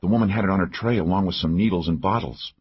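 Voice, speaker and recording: A man voicing a tough, calm woman FBI agent in an audiobook, speaking briskly and matter-of-factly. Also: deep voice, husky, muffled recording.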